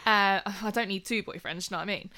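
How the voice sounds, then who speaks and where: Bright-voiced young woman storyteller. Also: mid-range voice, fast talker. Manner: swears freely, laughs through the story. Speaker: podcast co-host telling a story. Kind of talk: casual chat.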